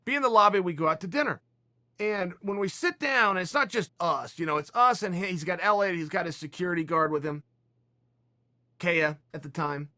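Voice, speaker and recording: Bright, high-voiced male storyteller. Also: moderate pace, dry recording, clean studio sound. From Oregon, US. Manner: animated, emphatic storyteller with frequent restarts. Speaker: podcast host. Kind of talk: casual storytelling.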